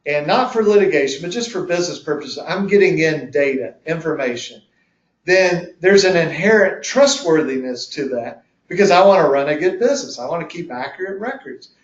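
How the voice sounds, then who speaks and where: A man's voice: on the high side, lively intonation, brisk. A man presenting a legal webinar in a conversational, folksy way, acting out courtroom examples as he explains the rules. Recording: echoey room, distant mic, dull lo-fi.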